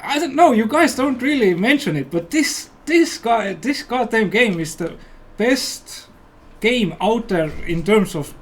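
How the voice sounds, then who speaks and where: A man's voice: sits high, expressive, measured pace. A man with an Estonian accent chatting casually while playing a game on a livestream, rambling and enthusiastic. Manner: rambling and enthusiastic, many fillers. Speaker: game developer and guest player.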